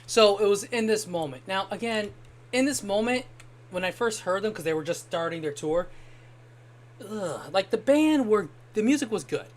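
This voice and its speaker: A young man with a high, animated voice chats casually at a normal speed while streaming a game. He tells long, rambling anecdotes and swears now and then. A little hiss or hum is audible.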